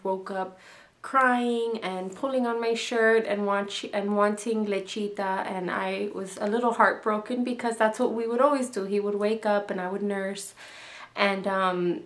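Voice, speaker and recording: A woman's voice: medium pitch, fairly even intonation, measured pace. A young woman talking candidly in a casual video diary, a mother who sounds a little emotional. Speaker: vlogger, mother.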